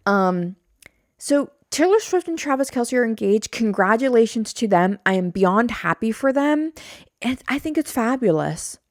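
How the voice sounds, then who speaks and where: A young podcast host talks alone into a studio mic on a stand, in a rambling, self-mocking, casual way with the odd swear word. Her voice is higher-pitched, animated, a touch slow, and slightly mellow. The sound is clean and studio-made, with no echo.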